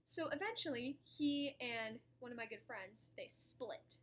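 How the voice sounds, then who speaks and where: Young woman, high voice, slow-paced, casual storytime vlog, dramatic asides. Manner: chatty, dramatic, swings between loud outbursts and soft mutters. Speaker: vlogger.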